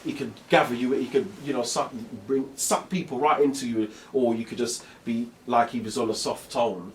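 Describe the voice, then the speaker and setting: A man's voice: mid-range voice, steady tone, distant mic, slight background noise. Rambling British man teaching DJing. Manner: rambling, halting explanations. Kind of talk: classroom teaching. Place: classroom radio studio. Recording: echoey classroom with faint music.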